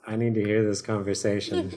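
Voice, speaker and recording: A man's voice: fairly low pitch, little pitch movement, a little fast, darkish tone. Dry-joking man co-hosting a podcast. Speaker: podcast co-host. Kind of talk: casual chat.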